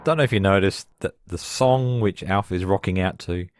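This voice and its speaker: A man co-hosting a podcast, chatting about a sitcom in a relaxed, agreeable way. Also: low voice, normal speed, smooth, no echo, clean studio sound. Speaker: podcast co-host. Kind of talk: casual podcast chat.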